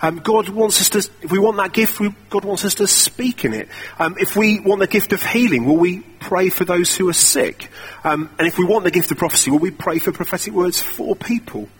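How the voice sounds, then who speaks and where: A man's voice: high voice, fairly quick, breathy edge. A young man preaching a sermon in a conversational, self-deprecating storytelling way.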